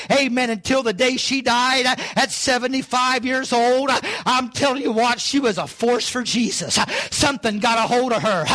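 An older man, preaching a sermon with fervor that rises to shouts. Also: extremely high pitch, no room sound. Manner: fervent, rising to shouts, southern-style preaching. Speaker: pastor.

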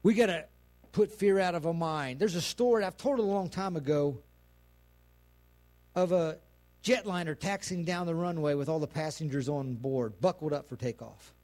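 A male preacher delivering a sermon, building to fervent shouts and peppering his words with "amen.". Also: fairly high pitch, normal speed.

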